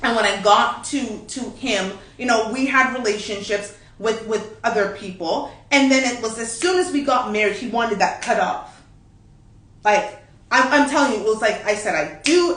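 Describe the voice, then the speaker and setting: Blunt woman chatting w her partner on a show, kinda high voice, roomy echo, sits back from the mic. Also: normal speed, slight background noise. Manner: blunt, animated, laughs often. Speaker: podcast co-host. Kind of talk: candid couple's chat. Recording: echoey room, distant mic.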